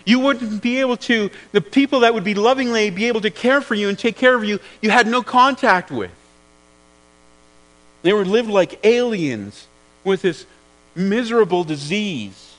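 A man's voice: high voice, lively intonation, normal speed, fairly bright tone, low-quality recording. A man preaching a sermon in an earnest way, often repeating words as he searches for the phrasing.

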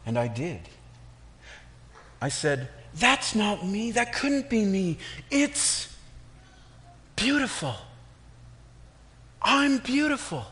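A man's voice: expressive, slow pace, fairly bright tone, full character voice. A man voicing a talking clay teacup that cries out and pleads through its shaping, told as a story within a sermon. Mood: pleading. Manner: high, strained, pleading cries.

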